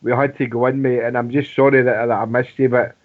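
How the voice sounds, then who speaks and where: A man's voice: mid-range voice, little pitch movement, fast. A man hosting a casual fan radio show, friendly and rambling with many restarts. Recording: phone-like narrow band.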